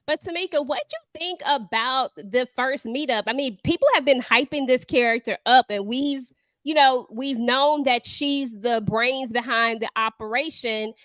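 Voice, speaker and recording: A woman's voice: high voice, normal speed, a bit bright, dry recording. A woman co-hosting a live chat over a video call, steering the talk with questions and laughing at her own slips. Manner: leads questions, laughs at herself. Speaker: co-host. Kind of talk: casual chat.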